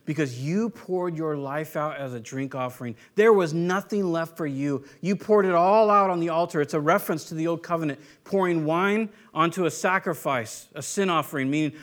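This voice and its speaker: Man, preacher, sermon, high voice, earnest, loud then hushed. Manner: earnest, swinging from loud urging to soft, low reflection.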